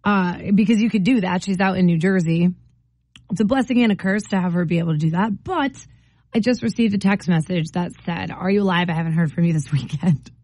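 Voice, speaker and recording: A woman's voice: lowish voice, brisk, a little mellow, no echo. A woman hosting a morning radio show, chatting casually and laughing often between bits. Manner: chatty, laughs often, repeats phone number. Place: radio studio.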